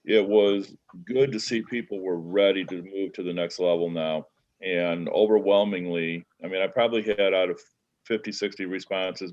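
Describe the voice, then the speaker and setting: A man with a Midwestern American accent, a guest on a video call, talking earnestly and gratefully with halting fillers. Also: deep voice, darkish tone, dull audio. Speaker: guest, networking group leader. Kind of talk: casual chat.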